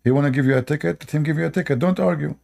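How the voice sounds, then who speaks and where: In this casual live stream monologue, a Middle Eastern man whose first language is Arabic talks very fast, repeating brief commands to his audience in broken grammar and a clear Arabic accent. His voice is fairly high, with vocal fry and a darkish tone.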